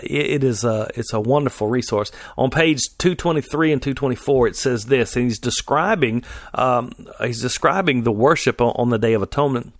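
A man leads a Bible teaching with an easygoing manner, pausing on fillers and restarting phrases as he reads and explains. His voice sits at an ordinary middle pitch. The recording is dry, with no room sound. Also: dry recording. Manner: conversational, frequent fillers and restarts while reading scripture aloud. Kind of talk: sermon-style Bible teaching.

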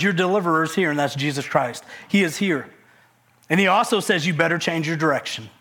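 A man's voice: high-pitched, bright, forceful tone. A man preaching a conversational sermon, emphatic, repeating key phrases and dropping folksy humorous asides. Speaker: pastor.

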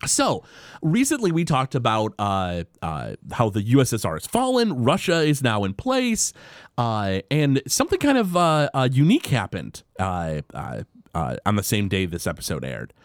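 A man's voice: mid-range voice, wildly swooping pitch, normal speed, no room sound. A man co-hosting a casual podcast, chatty, with lots of "uh" fillers. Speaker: podcast co-host. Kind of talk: casual chat.

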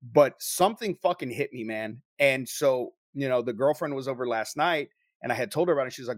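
A young man telling a story to friends in a casual, profane, animated way, acting out what people said. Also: mid-range voice, fairly quick, few pauses, no echo, clean studio sound. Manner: profane, animated storyteller who acts out quotes. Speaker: paranormal investigator telling a story.

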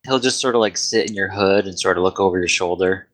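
A man's voice: low voice, fast, a bit bright. A man running a tabletop game as game master, laid-back and casual.

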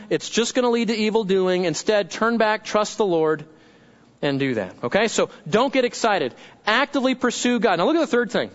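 High-voiced man preaching a sermon. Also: dull audio. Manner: conversational, asks the congregation questions. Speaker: pastor.

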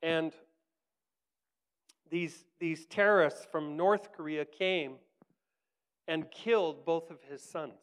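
A man preaching by storytelling. His voice is smooth and clear and sits a little high. He talks earnestly and drops to a hush for the quoted words. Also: takes it slowly, pauses often. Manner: earnest, drops to soft hushed tones in quoted lines, rises for emphasis. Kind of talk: sermon storytelling.

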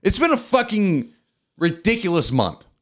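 A man's voice: high-pitched, sing-song, normal speed. A tired man hosting a podcast, talking in blunt, combative, profane casual banter. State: tired from lack of sleep. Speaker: podcast host.

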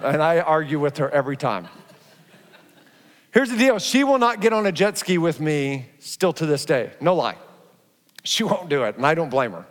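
A middle-aged man preaching a sermon, animated, acting out his stories with frequent restarts. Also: high-pitched. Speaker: pastor. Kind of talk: sermon with personal storytelling. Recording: long reverb from a large hall.

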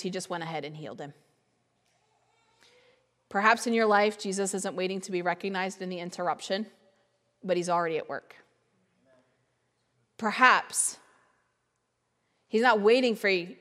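A woman's voice: mid-range voice, lively intonation, normal speed, long pauses, a bit bright, in a large hall. A woman guest speaker giving a conversational sermon, full of rhetorical questions and acted-out inner voices. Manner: acts out imagined inner voices.

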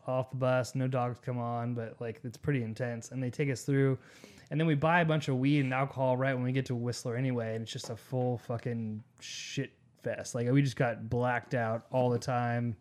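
A man's voice: medium pitch, moderate pace. Profane, rambling young man telling a story. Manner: profane, animated, rambling with many fillers. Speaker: podcast co-host. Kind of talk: casual storytelling.

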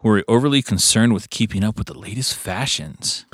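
A man's voice: lowish voice, lively intonation, fairly quick, no echo. A man co-hosting a casual podcast chat in a studio, blunt and jokey, laughing a lot. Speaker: podcast co-host.

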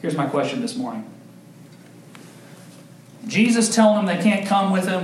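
A young adult male pastor preaches with a fairly high voice, earnest and emphatic. He breaks into animated storytelling and acted quotes with big leaps in pitch. His voice rings in a roomy church, with faint noise behind it. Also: moderate pace. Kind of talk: sermon. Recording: echoey room with faint ambient noise.

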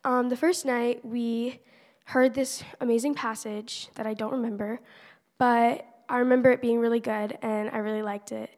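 Earnest teen girl with vocal fry. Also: a little high, fairly even intonation, moderate pace, darkish tone. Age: teenager. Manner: earnest, conversational, many "like" fillers. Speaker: church member giving a testimony. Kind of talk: personal faith testimony. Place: church hall. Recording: long church-hall reverb.

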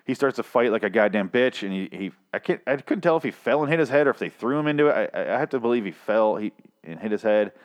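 A man's voice: lowish voice, expressive, fast. Rambling, foul-mouthed man recapping a show. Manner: rambling, sarcastic, swears a lot, stumbles over words. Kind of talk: casual profane recap monologue.

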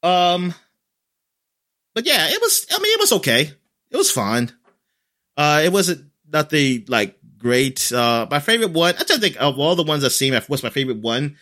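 A man in casual chat, recapping an episode in a rambling way with lots of fillers and lively quoted lines. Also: fairly high pitch, moderate pace.

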